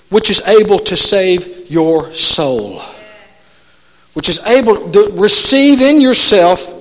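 Male pastor, high bright voice, passionate sermon with pleading shouts and quiet asides, echoing church hall. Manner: impassioned preaching, swinging between pleading shouts and soft intimate asides. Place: church sanctuary. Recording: long hall reverb.

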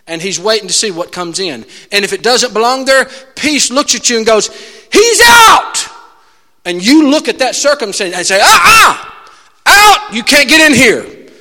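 A man preaching a sermon to a church, animated, shifting from loud exclamations to hushed asides. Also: high-pitched, big-room sound. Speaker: pastor.

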